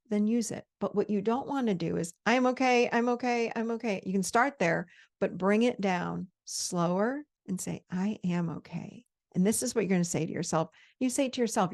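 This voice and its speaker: A woman in her fifties giving a conversational coaching talk on handling triggers, slowing down to model calm self-talk. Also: medium pitch, gravelly. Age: 50s. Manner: conversational, with quoted inner dialogue. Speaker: host.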